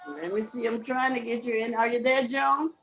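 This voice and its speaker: High-voiced Southern woman live-streaming. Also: fairly even intonation, moderate pace, fairly bright tone, roomy sound, faint music behind, rough recording. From Carolinas, US South. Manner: chatty, laughs often, reads viewer comments aloud. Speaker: live-stream host promoting a music tour. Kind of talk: casual live-stream chat.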